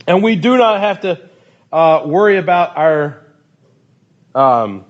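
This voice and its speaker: Man youth leader, slightly high voice, loose joking delivery, muffled dull sound. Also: slow pace. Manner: loose, joking, animated storytelling. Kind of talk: casual youth talk.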